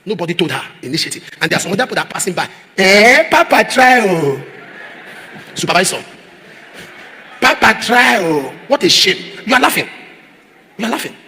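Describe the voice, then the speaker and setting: A man preaching a sermon as pastor, repeating refrains and rising to shouts. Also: fairly high pitch, very animated, very fast, slightly rough. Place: large church auditorium. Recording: echoey church hall.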